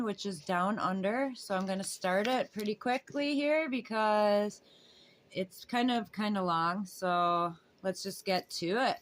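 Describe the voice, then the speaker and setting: A woman's voice: medium pitch, slight background noise. A woman casually reading a book aloud, breaking off with rambling, self-interrupting asides and casual swearing. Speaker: book reader.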